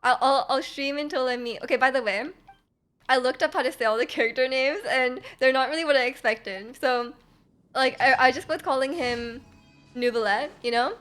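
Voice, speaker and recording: A woman's voice: sits high, fairly quick, fairly bright tone. A woman streaming a game, chatting casually and giggling, rambling with lots of fillers. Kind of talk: casual chat while gaming.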